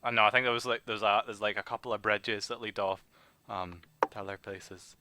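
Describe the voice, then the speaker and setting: A man's voice: on the low side, steady tone, brisk, background noise. A young man running a tabletop game over voice chat, narrating hesitantly with many restarts. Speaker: dungeon master.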